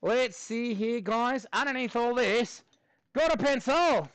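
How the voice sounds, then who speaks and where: A man's voice: extremely high pitch, slow, a bit bright, smooth, no room sound. A man teaching a middle school math lesson in a classroom, upbeat and chatty as he jokes with his students.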